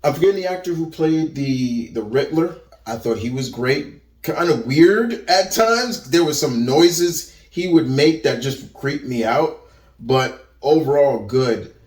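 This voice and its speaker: A man's voice: a little high, animated, unhurried, far from the mic. A man giving a casual, rambling movie review, often restarting and repeating words. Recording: roomy echo, voice set back from the mic.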